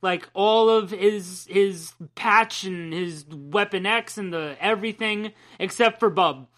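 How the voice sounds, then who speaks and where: A man's voice: sits high, slow pace, fairly bright tone. A man co-hosting a podcast, ranting casually and profanely about comics and laughing often. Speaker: podcast co-host. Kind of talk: casual comic book chat.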